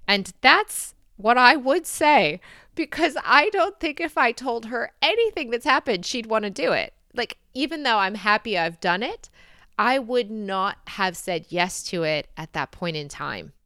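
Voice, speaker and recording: A woman's voice: fairly high pitch, animated, unhurried, bright, forceful tone, no room sound, clean studio sound. A woman in her thirties with an American accent, hosting a podcast and answering listener questions in a chatty, reflective way. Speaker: podcast host. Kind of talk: casual podcast Q&A.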